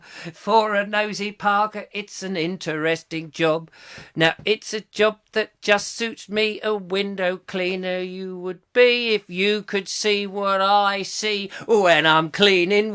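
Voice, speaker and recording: A man doing an impression of a cheeky comic singer, crooning a ditty in a slow, jaunty half-sung way. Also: sits high, sharp tone, smooth, heavily acted. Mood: jaunty singing.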